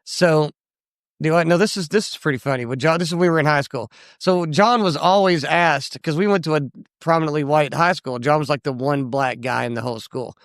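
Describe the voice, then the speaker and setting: A man's voice: fairly high pitch, no room sound, studio quality. A man co-hosting a podcast in casual chat, telling stories and playfully taking offense. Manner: chatty, quick to take offense in jest. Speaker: podcast co-host.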